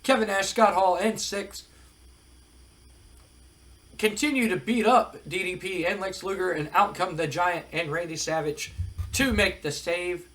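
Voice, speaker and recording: A man with a high voice casually recaps a wrestling sim, thinking aloud between results. His delivery is relaxed and easygoing, with plenty of ums and uhs. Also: unhurried. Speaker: let's-play narrator. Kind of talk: casual game commentary.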